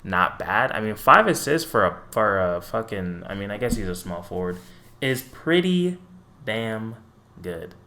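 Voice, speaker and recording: A young man with a bright, forward voice runs his own casual basketball fan channel. He rants in an animated, profane way, throwing in petty, sarcastic asides as he breaks down the game. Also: lowish voice, unhurried.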